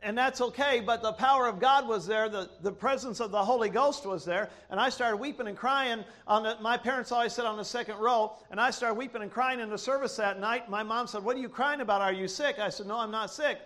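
High-pitched preacher guy from ohio, builds up emphatic and calls for amens. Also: brisk, few pauses, fairly bright tone. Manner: preaching with call-and-response, rising emphatic cadence. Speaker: pastor. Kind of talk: sermon.

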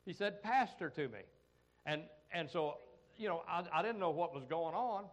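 A middle-aged American pastor preaching a folksy sermon, peppered with "amen" and "come on" asides. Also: male voice, fairly high pitch, moderate pace, rough recording.

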